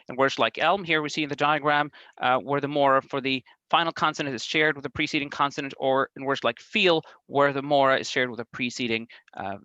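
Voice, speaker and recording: A man delivering an academic linguistics talk in a bright, clear voice. He explains step by step, pausing on ums and restarting phrases now and then. The sound is close and dry, with no room around it. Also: on the high side, dry recording, dull audio. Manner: careful, measured, with frequent um and uh fillers and restarts. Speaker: academic presenter.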